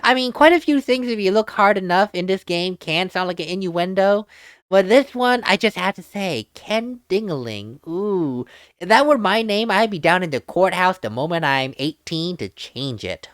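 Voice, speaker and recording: A woman's voice: fairly low pitch, lively intonation, normal speed, no echo. A woman hosting a let's play, giving chatty, giggly commentary on the story. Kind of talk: casual game commentary.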